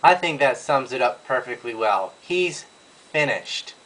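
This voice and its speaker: A man with a medium-pitched voice tears into his subject in a blunt, scornful rant. He delivers crude insults in a mocking commentary style. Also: lively intonation, measured pace, a bit bright, low-quality recording. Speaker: video commentator.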